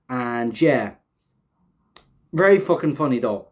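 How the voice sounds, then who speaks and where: Man, fairly high voice, loose reaction-show host: casual, rambling, filler-heavy, swears a lot. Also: measured pace. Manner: rambling, filler-heavy, swears often, laughs while talking. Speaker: show host reviewing an episode.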